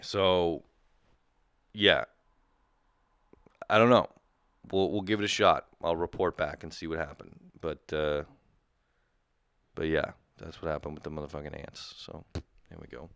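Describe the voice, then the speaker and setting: A man's voice: low-pitched, measured pace, long pauses, a bit bright, smooth, no echo, studio quality. A young man ranting comedically, exasperated and profane, mock outrage building between laughs. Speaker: podcast host. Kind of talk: comedic rant.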